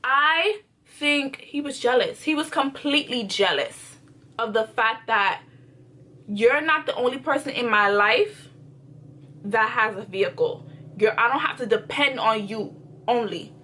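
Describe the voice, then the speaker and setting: A young woman vlogger telling a storytime in an animated, expressive way. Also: fairly high pitch, measured pace. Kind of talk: storytime vlog.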